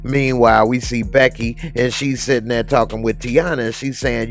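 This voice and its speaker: A man with a middle-range voice retells a TV episode in a casual, animated way and drops into slangy vernacular as he acts out the scenes. Faint music plays underneath. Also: mid-range voice, moderate pace, hardly any pauses. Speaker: TV show recap host. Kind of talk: casual spoken TV recap.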